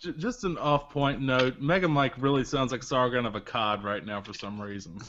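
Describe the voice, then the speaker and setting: A man's voice: mid-range voice, moderate pace. An American man joining an online radio chat, goading the others in a brash, mock-boastful way. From United States. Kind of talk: casual banter on an online radio show. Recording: lo-fi online call with crowd noise behind.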